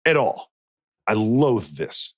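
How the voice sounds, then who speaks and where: A man's voice: lowish voice, slow, husky. A man co-hosting a casual basketball podcast, talking animatedly and acting out what players might say. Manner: animated, acts out imagined player quotes. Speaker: podcast co-host. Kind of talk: casual sports chat.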